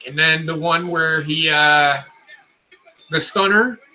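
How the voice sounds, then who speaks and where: A young man talks over a wrestling match for his audience in a casual, profane running commentary. His voice sits a little high and rings bright and forceful. He is blunt and excitable, with swearing in nearly every line. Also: slow, low-quality recording. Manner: blunt, swears constantly, enthusiastic. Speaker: host watching wrestling with viewers.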